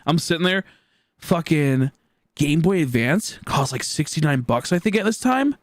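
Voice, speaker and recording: Twenties male streamer, loose rambling storyteller who swears freely, voice sitting a bit high, dry close sound. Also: animated, normal speed, dry recording. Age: 20s. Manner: rambling, heavy on fillers and swearing. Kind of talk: casual storytelling.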